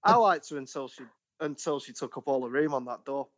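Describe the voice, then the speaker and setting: A man's voice: medium pitch, expressive, brisk, a bit bright, lo-fi sound. A man co-hosting a podcast, full of jokey, teasing banter. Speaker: podcast co-host. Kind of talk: casual chat.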